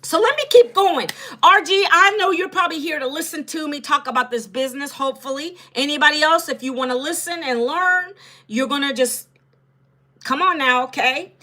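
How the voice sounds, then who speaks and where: A woman's voice: sits high, moderate pace, bright, forceful tone. A woman in her fifties from Northern Virginia, chatting casually on a livestream and talking straight to her viewers. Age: 50s. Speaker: livestream host.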